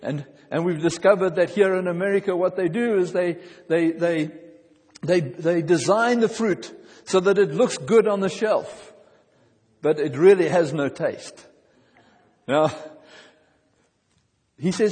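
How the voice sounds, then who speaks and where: A man's voice: high-pitched, unhurried, long pauses, darkish tone, long reverb tail. A male pastor preaching a sermon, earnest and emphatic, repeating key phrases for weight.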